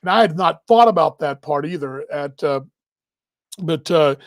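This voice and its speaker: A man's voice: on the high side, animated, measured pace, dry recording. A man hosting a live baseball chat show, rambling and emotional, talking while he juggles other tasks. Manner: rambling, emotional, talks while handling gear. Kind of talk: casual live stream chat.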